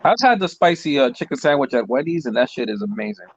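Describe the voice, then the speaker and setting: A man chatting casually on a podcast in a quick, offhand way. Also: medium pitch, lively intonation, creaky, lo-fi sound.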